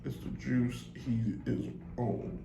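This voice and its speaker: A man hosting a live sports talk show, rambling and joking in a loose, animated way. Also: mid-range voice, takes it slowly, creaky, a little hiss or hum. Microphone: desk mic on a stand. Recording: echoey room.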